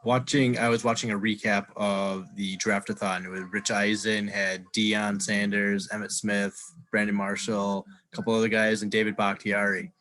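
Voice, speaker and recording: A man's voice: fairly low pitch, little pitch movement, moderate pace, fairly bright tone. A man co-hosting a casual sports chat, joking and laid-back. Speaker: podcast co-host.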